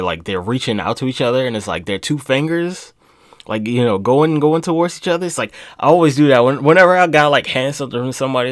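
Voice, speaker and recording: A young man riffs to camera in a loose, profane, rambling monologue, his pitch swinging up and down as he gets worked up. He chuckles at his own jokes. The sound is close and dry, with no room around it. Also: fairly bright tone, dry recording. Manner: rambling, swearing freely, laughing at himself. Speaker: vlog host. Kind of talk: casual profane rant to camera.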